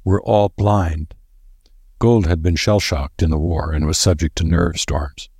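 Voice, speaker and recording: A man narrating an audiobook in a measured, even storytelling manner. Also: a bass voice, breathy edge, no room sound, studio quality.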